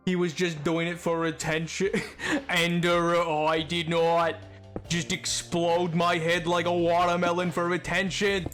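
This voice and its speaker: A man's voice: fairly high pitch, level tone, fairly bright tone, faint music behind. A man streaming a game, chatting casually and rambling off on tangents, often breaking into laughter. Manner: rambling and digressive, quick to laugh. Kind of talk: casual live-stream chat while gaming.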